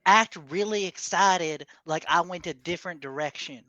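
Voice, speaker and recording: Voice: medium pitch, moderate pace, crowd noise, lightly acted. A player voicing a self-assured male celebrity who speaks in a folksy, put-on drawl. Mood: coaxing.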